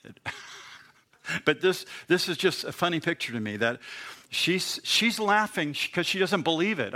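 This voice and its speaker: A man's voice: a little high, expressive, a little slow, pushed and bright. A man in his fifties preaching a conversational Bible sermon to his congregation, acting out the voices he quotes. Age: 50s. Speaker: pastor.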